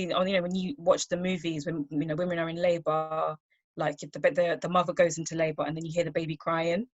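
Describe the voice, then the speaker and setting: A woman on a video call telling her personal story in a soft, halting way, with many fillers and restarts. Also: low-pitched, no room sound. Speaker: workshop speaker sharing her story.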